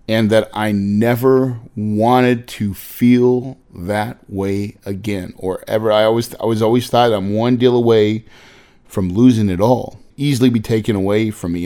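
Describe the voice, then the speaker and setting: A man's voice: fairly low pitch, a little mellow. Earnest man in his forties, motivational talk. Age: 40s. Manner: earnest, emphatic, addresses listeners as guys. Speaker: real estate investor speaker.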